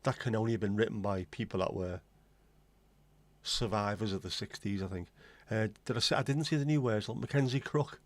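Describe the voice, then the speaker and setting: A man's voice: lowish voice, fairly quick, no echo. Blunt, rambling English man. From England. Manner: opinionated, blunt, rambling with asides. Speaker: livestream host. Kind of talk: casual chat.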